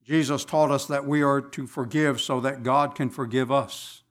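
A man preaching a sermon in a slow, deliberate way with measured pauses. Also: medium pitch, steady tone, fairly bright tone.

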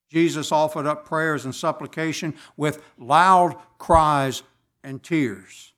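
A man preaching a sermon in a slow, deliberate way with measured pauses. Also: fairly high pitch, fairly bright tone.

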